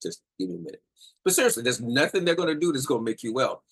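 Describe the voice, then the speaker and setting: A man's voice: mid-range voice, sing-song, rapid-fire, husky, low-quality recording. A middle-aged man giving a casual talk on relationship communication, emphatic and repetitive, often checking in with "all right?". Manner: emphatic, repeats points, asks "all right?". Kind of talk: casual instructional talk to viewers.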